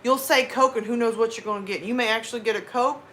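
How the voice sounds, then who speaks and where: A woman's voice: fairly high pitch, steady tone, fast talker, a bit bright, a little hiss or hum. A woman in her thirties with a Southern US accent, casually chatting with her live chat and rambling through asides. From American South. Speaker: livestream host reading chat.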